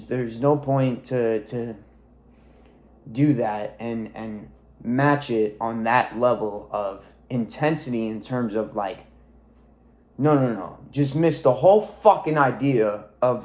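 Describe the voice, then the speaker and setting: A man's voice: mid-range voice, a little mellow. A young man in his twenties talking to camera in a rambling, reflective monologue, swearing freely as a weight-loss coach.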